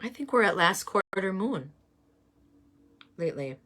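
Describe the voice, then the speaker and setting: A woman giving a casual oracle card reading, musing and halting with many fillers. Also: medium pitch, very animated, a bit bright.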